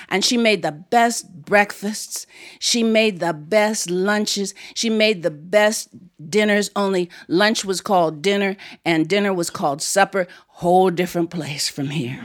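The storyteller, a woman from Ohio, has a medium-pitched voice with a fairly bright tone. Before a studio audience she tells a family story live, then starts singing and gets the crowd into call-and-response.

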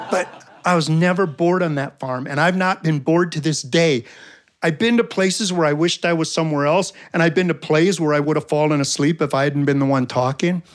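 A man with a somewhat high voice, telling warm-hearted family stories in a folksy, reflective way. His comic timing lands the punchlines. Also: normal speed. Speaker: storyteller and guest. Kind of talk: storytelling for an audience.

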